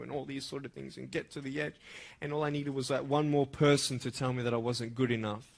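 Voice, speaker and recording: A man delivering a motivational speech at a school assembly, emphatic and swinging from loud bursts to hushed intensity. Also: mid-range voice, fairly even intonation, normal speed, gravelly. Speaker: motivational speaker.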